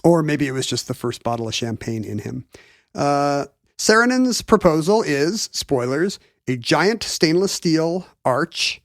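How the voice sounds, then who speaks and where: Chatty, joking man with a higher voice. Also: big pitch swings, a little slow, no room sound, studio quality. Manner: joking, playful, laughs often. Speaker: podcast co-host. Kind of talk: casual chat, storytelling.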